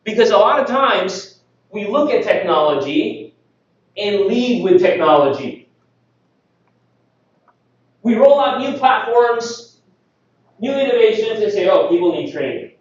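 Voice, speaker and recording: A man gives a lively conference talk, tossing rhetorical questions at the crowd. His voice sits high for a man. It is picked up from a distance in a booming, echoey hall, with a dull, muffled tone. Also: takes it slowly, pauses often. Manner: energetic, rhetorical questions to the audience. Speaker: conference speaker. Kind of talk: conference presentation.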